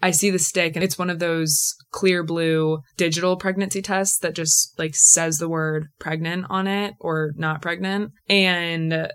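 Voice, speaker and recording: Young woman, podcast host, low voice, smooth tone, casual storytelling, lots of "like". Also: fairly even intonation, a little slow, hardly any pauses, fairly bright tone. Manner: chatty, emotional, many "like" fillers.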